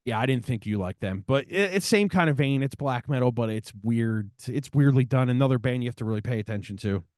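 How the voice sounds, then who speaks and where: A man's voice: mid-range voice, lively intonation, brisk, a little mellow, no echo. Podcast co-host, man, middle-aged, foul-mouthed fan, dry studio sound. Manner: swears a lot, enthusiastic about records. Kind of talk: casual chat.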